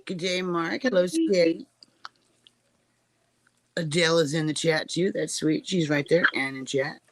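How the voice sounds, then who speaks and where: A woman's voice: low voice, unhurried. A woman streaming live, chatting casually and joking as she greets viewers by name. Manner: jokey, rambling, greets chat by name.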